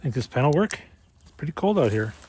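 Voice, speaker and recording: A geocaching vlogger from Minnesota narrates a casual vlog outdoors on a winter trail, chatty and enthusiastic, speaking directly to viewers. His medium-pitched, darkish voice is very animated and a bit fast, he's slightly out of breath from walking quickly, and there's slight background noise.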